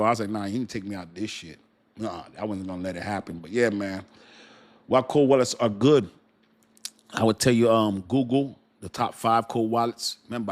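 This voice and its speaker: Rambling man hosting a crypto livestream. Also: fairly low pitch. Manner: rambling, slangy, fillers, talks straight to chat. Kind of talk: casual livestream chat.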